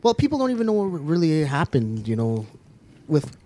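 A man co-hosting a casual podcast, rambling and animated as he retells a film's story. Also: a little high, normal speed, a little hiss or hum. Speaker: podcast co-host. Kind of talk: casual chat.

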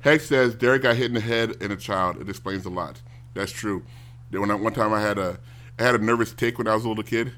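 Guy ranting on stream, really bright voice, gets loud and mocky. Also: lowish voice, fast. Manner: animated, mocks others in loud exaggerated voices. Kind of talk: casual ranting commentary.

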